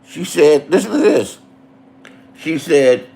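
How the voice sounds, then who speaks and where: A man's voice: high-pitched, lively intonation, moderate pace, vocal fry, fairly bright tone. A man casually telling rambling, profane stories and acting out the people in them. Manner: crude, laughing, rambling, acts out quotes.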